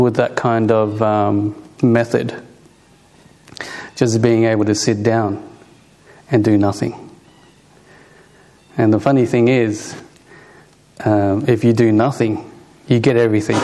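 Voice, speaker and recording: Guy giving a relaxed dharma talk, really slow, lots of ums and restarts, bit of gravel in the voice. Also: medium pitch. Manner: unhurried and halting, many fillers and restarts, chuckles softly. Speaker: Buddhist meditation teacher. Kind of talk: informal Dhamma talk.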